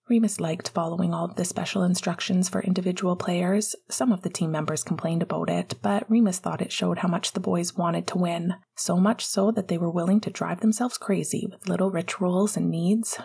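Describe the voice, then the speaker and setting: A woman reads a story aloud in a soft, intimate manner, often slipping into a whisper. Her voice is fairly low with a gravelly, husky texture. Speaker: audiobook narrator. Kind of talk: fan fiction audiobook narration, partly whispered.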